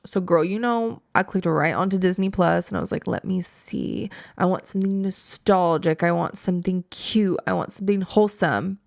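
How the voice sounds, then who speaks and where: A woman in her late twenties hosting a podcast, chatting casually in a slangy, animated storytelling way. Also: on the low side, normal speed, vocal fry, few pauses, no echo, clean studio sound. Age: 20s. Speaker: podcast host. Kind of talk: casual chat.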